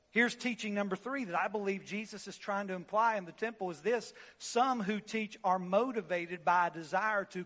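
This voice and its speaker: A man's voice: high voice, fairly bright tone, big-room sound. A man preaching a sermon as pastor, emphatic, repeating lines and restarting words as he drives a point home.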